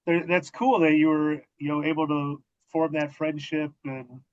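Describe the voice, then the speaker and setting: A man's voice: a little high, little pitch movement, moderate pace, dry recording, dull audio. Male podcast host, casual interviewer with short encouraging replies, dry close sound. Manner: brief encouraging reactions.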